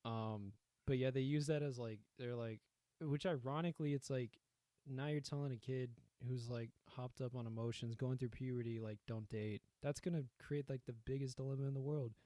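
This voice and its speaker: Young guy rambling on a podcast, cusses a lot, mid pitch, dead dry sound. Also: steady tone, brisk, mellow, no echo. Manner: rambling, swears a lot, acts out scenes. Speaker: podcast co-host. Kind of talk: casual chat.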